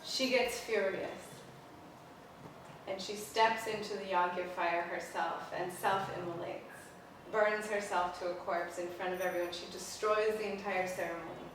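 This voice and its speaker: A woman spiritual teacher giving a casual, animated storytelling lecture outdoors beside a temple. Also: mid-range voice, unhurried, a little hiss or hum. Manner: casual, animated, many "like" fillers. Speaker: spiritual teacher, pilgrimage leader. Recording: echoey space, voice from a distance.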